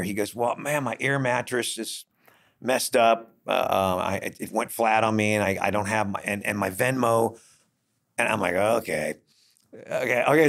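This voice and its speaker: A middle-aged man with a low, gravelly voice tells a story on a podcast. He talks casually and acts out each line of dialogue with lively energy. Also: moderate pace. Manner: animated, acts out dialogue in quotes. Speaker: podcast host. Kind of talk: conversational storytelling.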